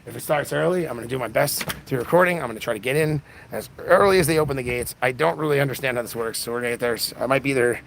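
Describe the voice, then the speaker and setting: A man's voice: mid-range voice, rapid-fire, gravelly, a little hiss or hum. An exhausted man hosting a casual livestream, rambling with lots of restarts, recorded on a phone. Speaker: livestream host.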